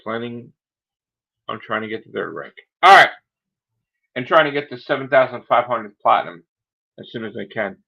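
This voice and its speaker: A man's voice: mid-range voice, expressive, normal speed, vocal fry, pauses often. A man hosting a casual livestream chat, rambling through grumbling asides while losing his voice. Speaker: livestream host. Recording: dull lo-fi sound.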